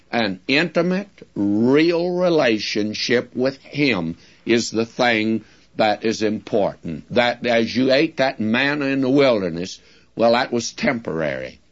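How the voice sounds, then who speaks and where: A man's voice: mid-range voice, lively intonation, highs cut off. A man giving an earnest Bible teaching in a plain-spoken way, heard on an old recording. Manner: slow, earnest, plain-spoken, stresses quoted words.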